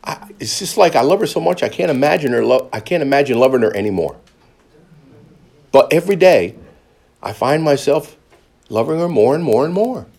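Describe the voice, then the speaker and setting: Animated husky male preacher. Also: a little fast, long pauses. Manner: animated, jumps into loud high-pitched quoted voices; joking with the congregation. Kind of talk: testimony sermon.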